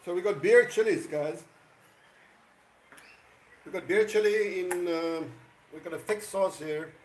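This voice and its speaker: A man's voice: high voice, a little slow, reverberant, a little hiss or hum, low-quality recording. Chatty man hosting a live stream. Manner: rambling, greets viewers by name. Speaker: livestream host. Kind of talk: casual live-stream chat.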